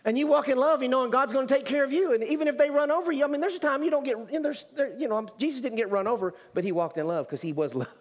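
A man's voice: extremely high pitch, fast talker, hardly any pauses. A male pastor preaching a sermon in a church, emphatic, with repetitions and restarts. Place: church sanctuary. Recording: church hall reverb.

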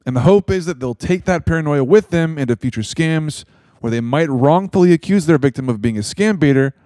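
A man hosting a video, calmly and wryly wrapping up for viewers. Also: a little high, brisk, no room sound, clean studio sound. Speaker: channel host. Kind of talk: closing commentary to viewers.

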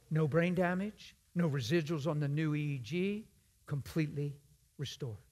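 A man preaches in a church, his fairly high voice dropping to near-whispers and then rising to loud shouted bursts. He acts out little conversations in other voices as he goes. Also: moderate pace, husky. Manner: swings from hushed whispers to loud shouted emphasis. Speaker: guest preacher. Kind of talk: sermon.

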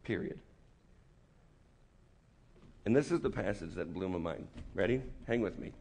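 A man preaching a lively, joking sermon to a student meeting, acting out quick voices as he goes. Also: deep voice, creaky. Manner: animated, joking, acts out voices. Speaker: campus ministry speaker. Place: meeting room with an audience.

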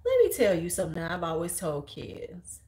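A woman in her forties with a Chicago accent, chatting casually about her school days. Her voice sits a little low, and she talks bluntly and with plenty of cursing. She stays lively as she acts out the people in her stories. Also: brisk. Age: 40s. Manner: animated, blunt and profane, acts out quotes in a high squeal. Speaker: high school teacher and beauty vlogger. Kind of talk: casual storytelling chat.

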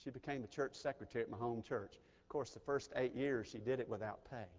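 A middle-aged pastor from Mississippi, preaching an earnest, personal sermon that swells in intensity. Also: male voice, medium pitch, a little fast, a little mellow, lo-fi sound. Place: large chapel. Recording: chapel recording with long reverb.

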